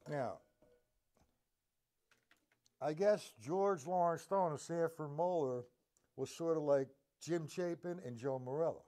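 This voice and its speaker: A man's voice: a little high, slow, long pauses, mellow. A man teaching a live drum lesson, rambling between points and counting beats aloud as he plays.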